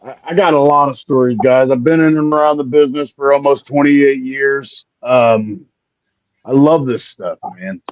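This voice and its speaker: A man in his forties, a wrestling guest telling stories in a lively, casual way, acting out the people he quotes, heard on a remote stream call. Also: medium pitch, normal speed, dry recording. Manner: lively raconteur, acts out quoted voices. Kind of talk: casual storytelling. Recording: slightly muffled lo-fi audio.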